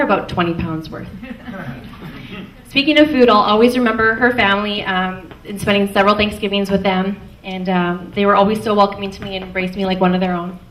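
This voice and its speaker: The speaker is a young woman from Canada serving as maid of honor, offering a fond and light wedding toast with chuckles between lines. Her voice is mid-range and a bit bright. The reception hall recording is distant and echoey, with faint noise.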